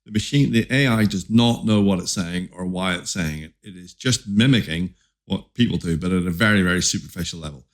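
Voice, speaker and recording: A man's voice: low voice, fairly quick. A company founder talking as a podcast guest in casual interview style, often restarting and repeating words as he explains.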